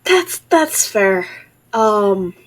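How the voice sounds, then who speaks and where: A woman's voice: medium pitch, big pitch swings, drawn-out words, rough recording. A woman playing a tabletop game, describing her character's actions casually. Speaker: player.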